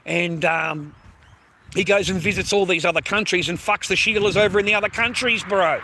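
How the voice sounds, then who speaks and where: Australian bloke with a high voice, ranting to camera, foul-mouthed and repetitive, loud traffic behind. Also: male voice, normal speed. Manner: heavy swearing, repetitive, keeps calling listeners mate and bro. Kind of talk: ranting monologue to viewers.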